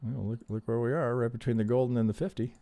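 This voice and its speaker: A man teaching trading on a live stream, reviewing charts in an animated, profane way and asking "right?" again and again. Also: mid-range voice, fast, dry recording. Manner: profane, emphatic, acts out trader reactions, keeps asking "right?".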